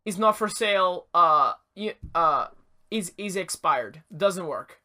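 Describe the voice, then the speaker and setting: A gruff old Russian toy-store owner, as a podcast host puts him on. He turns people down in short, broken-English phrases and has a stubborn, clipped delivery. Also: sits high, lively intonation, slow, pushed and bright, exaggerated voice. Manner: curt, broken-English refusals.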